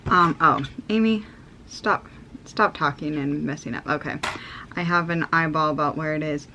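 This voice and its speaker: A woman's voice: deep voice, normal speed, dull audio, noisy background. An American woman in her thirties explaining a sewing project in a chatty, upbeat way, full of ums and likes. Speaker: sewing vlogger. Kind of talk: casual how-to chat.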